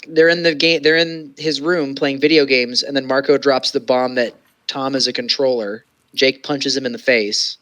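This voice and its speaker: A man's voice: mid-range voice, steady tone, normal speed, fairly bright tone, low-quality recording. A man co-hosting a casual watch-along, chatty and joking, often laughing. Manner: chatty, jokey, laughs a lot. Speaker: co-host. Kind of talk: casual chat while watching a show.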